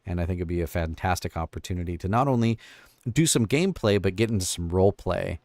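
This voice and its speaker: A man's voice: deep voice, animated, fast, a little mellow, no room sound, studio quality. A man hosting a casual livestream, rambling and thinking aloud as he fiddles with his stream tools. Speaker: livestream host and voice actor. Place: home studio.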